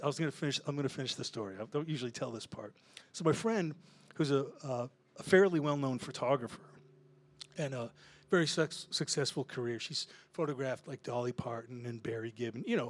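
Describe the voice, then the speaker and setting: A man who is a singer-songwriter, telling a casual, self-deprecating story between songs on a small club stage, laughing often and swearing now and then. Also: medium pitch. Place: small live music club, Houston. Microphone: stage vocal mic.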